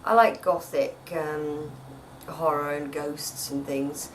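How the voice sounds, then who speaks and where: A woman's voice: low-pitched, steady tone, slow pace, distant mic, slight background noise, rough recording. An actress chatting at home in an interview, rambling and often repeating her words. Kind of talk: casual interview chat. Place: at home, indoors.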